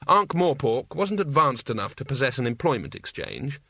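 A man reads a story aloud in an even, measured voice of middle pitch. His delivery is steady and controlled. The recording is dry and close. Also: creaky, no echo. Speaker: audiobook narrator. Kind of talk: scripted narration.

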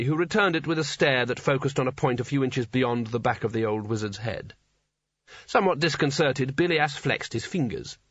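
A man giving a scripted story narration in a dry, wry, measured way. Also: medium pitch, fairly bright tone, husky, no room sound. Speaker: audiobook narrator. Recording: dull lo-fi dry recording.

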